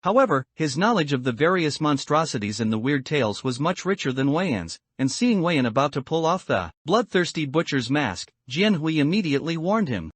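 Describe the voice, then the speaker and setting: A man's voice: on the high side, very animated, a little fast, hardly any pauses, no echo. Man narrating a horror comic recap. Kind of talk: scripted story recap narration.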